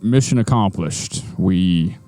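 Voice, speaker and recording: Player, man, low mellow voice, very slow delivery. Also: no room sound. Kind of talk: tabletop role-play.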